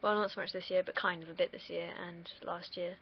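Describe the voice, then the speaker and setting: Gravelly young woman rambling. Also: on the low side, steady tone, a little fast, highs cut off. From United Kingdom. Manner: rambling, wandering off on tangents, casual swearing. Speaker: vlogger. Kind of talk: casual vlog monologue.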